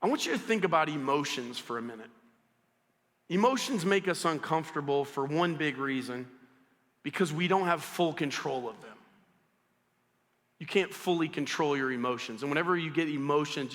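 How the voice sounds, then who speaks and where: A man preaching a sermon as pastor, telling stories in an animated way and speaking straight to his congregation. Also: on the high side. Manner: animated storytelling, addresses the audience directly. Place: church auditorium. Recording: church hall reverb.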